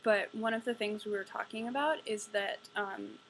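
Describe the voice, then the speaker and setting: A woman's voice: mid-range voice, normal speed, slight background noise, poor audio. Young woman ranting about a book, sarcastic and fed up, swears a lot. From United States. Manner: exasperated, sarcastic, profane. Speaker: book reviewer vlogger. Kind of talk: casual ranting book review.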